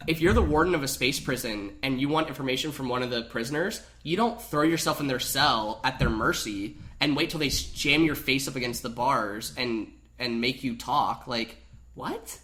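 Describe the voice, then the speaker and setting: Bright-voiced animated man riffing. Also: mid-range voice, normal speed. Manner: animated, mocking, acts out scenes in quoted voices. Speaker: podcast co-host. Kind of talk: casual movie review chat.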